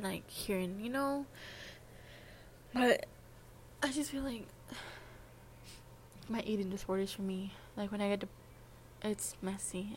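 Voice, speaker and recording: A woman's voice: mid-range voice, slight background noise. A young adult woman talking in a casual, confessional vlog monologue, rambling and hesitant, with many "like" fillers. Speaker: vlogger.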